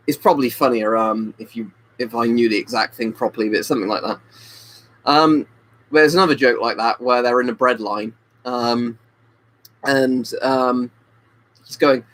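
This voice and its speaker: A tipsy man chats his way through a home webcam stream, rambling and reading out viewer comments as they come in. His voice sits at an ordinary male pitch, picked up by a webcam mic. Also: steady tone, moderate pace, fairly bright tone, poor audio. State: tipsy from drinking. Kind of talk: casual live-stream chat.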